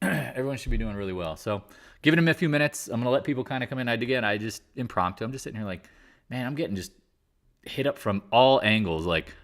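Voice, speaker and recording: A man's voice: mid-range voice, lively intonation, fast, a bit bright. A man hosting a casual live market chat, talking in a blunt, rambling and exasperated way. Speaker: market commentary host.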